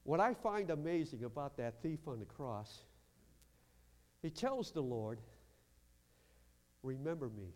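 A man preaching a lively sermon as pastor in a church, acting out quotes and breaking into shouts. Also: medium pitch, unhurried, pauses often. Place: church sanctuary. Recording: long hall reverb.

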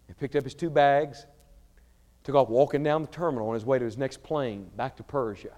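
A man preaching a sermon, swinging between shouted fervor and quiet storytelling. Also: medium pitch, a little fast. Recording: reverberant large hall.

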